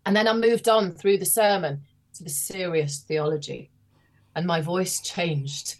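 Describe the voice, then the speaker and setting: A woman's voice: fairly low pitch, measured pace. A woman priest with a regional English accent, speaking candidly and wryly about her experiences in an interview. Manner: candid, wry reflection. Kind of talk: conversational interview.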